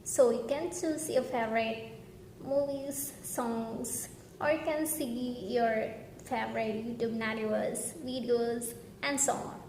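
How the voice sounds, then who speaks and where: A woman's voice: fairly high pitch, fairly even intonation. Woman teaching pronunciation in an echoey room. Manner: earnest, slow demonstrating of example words. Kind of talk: casual pronunciation lesson. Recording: echoey room with faint background hum.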